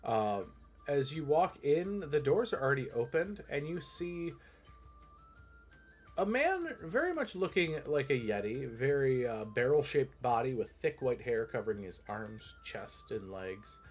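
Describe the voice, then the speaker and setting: Husky-voiced male game master. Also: mid-range voice, sing-song, a little slow, soft background music. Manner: meandering, many fillers and restarts. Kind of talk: narrating a tabletop game.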